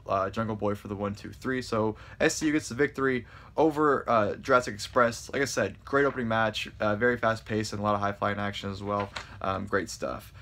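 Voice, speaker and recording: Excitable man with a bright, lowish voice. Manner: excitable, rambling, stumbles over words when excited; casual, swears freely. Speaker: wrestling show reviewer. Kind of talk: casual spoken review.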